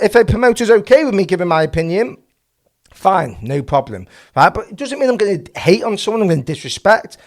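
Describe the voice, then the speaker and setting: A man hosting a boxing channel, giving passionate, opinionated commentary full of rhetorical questions. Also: high-pitched.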